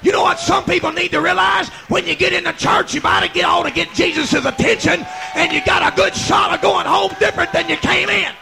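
A man preaching a fervent sermon who shouts in bursts and acts out dialogue. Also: extremely high pitch, fairly even intonation, brisk, gravelly, few pauses, over music.

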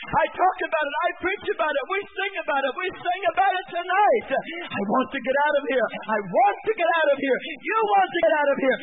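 A middle-aged man preaching a revival sermon in church, with emphatic repetition that builds to shouts. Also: extremely high pitch, lively intonation, fairly quick, few pauses. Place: church service. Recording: narrow phone-like lo-fi recording. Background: musical instrument playing.

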